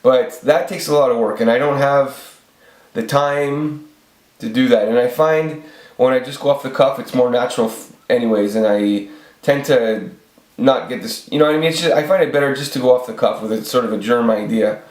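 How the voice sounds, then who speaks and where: Man in his forties, mid-pitched, rants unscripted and profanely, echoey room. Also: moderate pace, a little mellow. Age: 40s. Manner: rambling, profane, many restarts. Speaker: channel host. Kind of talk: off-the-cuff ranting vlog.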